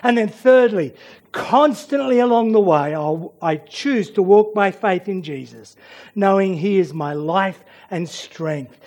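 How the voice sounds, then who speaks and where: A man with a notably high voice preaches an earnest sermon at an unhurried pace. He swings between emphatic declarations and hushed, almost whispered lines. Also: expressive.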